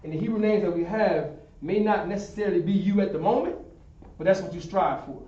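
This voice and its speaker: Male instructor, fairly high voice, patient stepwise explanations, recorded from across an echoey classroom. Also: fairly quick, warm tone. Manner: explains step by step, often asks "understand?". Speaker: teacher of a Hebrew class. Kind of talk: classroom teaching at a whiteboard. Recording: echoey room, distant dull sound.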